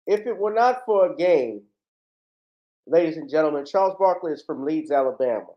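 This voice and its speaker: Indignant male livestream host, fairly high voice. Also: lively intonation, moderate pace, dull audio. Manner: indignant and blunt, swears freely. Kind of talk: heated commentary.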